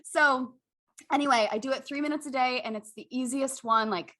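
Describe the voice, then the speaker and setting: A woman's voice: high voice, fairly quick, sharp tone. A woman hosting a podcast, talking candidly and effusively and often speaking straight to her listeners. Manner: candid, effusive, addresses listeners as "you guys". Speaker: podcast host. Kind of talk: casual chat.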